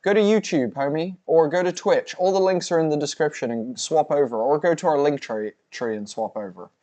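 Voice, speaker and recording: A man's voice: on the high side, fairly quick, dark tone, muffled recording. Swearing man riffing on a stream. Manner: swearing, banter, reads chat aloud. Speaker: livestream co-host. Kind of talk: casual watch-along chat.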